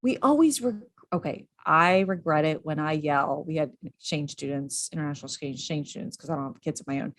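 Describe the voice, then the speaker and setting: A woman coach giving parenting advice in a casual interview, quick and animated, acting out what she would say. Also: low-pitched. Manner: animated, quick, acts out quoted lines. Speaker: parenting and school behavior coach.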